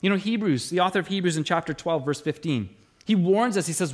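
Guy preaching a sermon, high voice, swings way up and down, acts out the quotes. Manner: animated preaching with dramatic pauses and acted-out quotes. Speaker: pastor.

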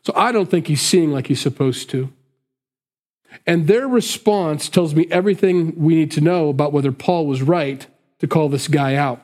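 A man preaching in a casual, conversational way, working through a passage and voicing the people in it. His voice sits a bit high for a man. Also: moderate pace, a little mellow. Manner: conversational, acts out quotes. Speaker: pastor. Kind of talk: expository sermon.

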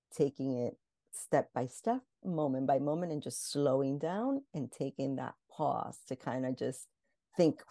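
Teacher lady w a really deep mellow voice, calm and measured. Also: dry recording, studio quality. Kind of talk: casual chat.

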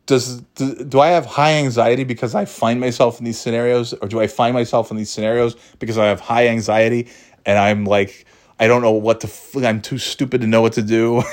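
A man telling comic stories about himself in a rambling, profane, self-mocking way. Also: fairly low pitch. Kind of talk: comedic storytelling monologue.

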